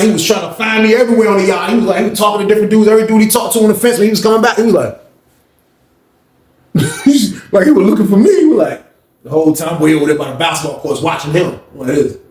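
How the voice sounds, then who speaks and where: Man, casual storytime, slangy and animated, somewhat high pitch, roomy echo. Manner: slangy, animated, acts out dialogue. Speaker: storyteller recounting prison life. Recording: echoey room with faint noise.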